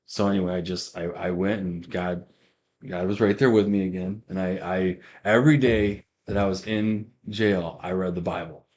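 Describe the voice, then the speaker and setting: A man's voice: low-pitched, fairly even intonation, moderate pace, a little mellow. A man giving a casual spoken faith testimony, rambling and repeating himself as he acts out what others said. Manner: rambling storyteller who repeats himself and acts out quoted lines.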